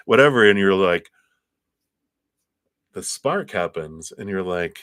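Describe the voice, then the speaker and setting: Deep-voiced man giving tarot readings. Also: unhurried, fairly bright tone, no echo, studio quality. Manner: chatty, acts out little scenes in higher voices. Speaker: tarot reader.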